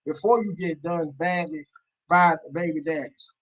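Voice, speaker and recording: A man's voice: a little high, normal speed, fairly bright tone, rough recording. A man calling into a live show, making a long, blunt argument built on an analogy. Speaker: caller. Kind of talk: call-in commentary.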